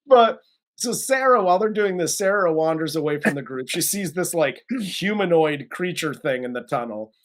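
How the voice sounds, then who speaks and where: Host recapping a film, profane and animated. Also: medium pitch, moderate pace. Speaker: podcast host. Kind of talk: casual film recap and review.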